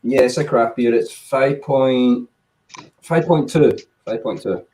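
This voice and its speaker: A man joining a casual podcast chat with relaxed, brief comments. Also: mid-range voice, slow pace.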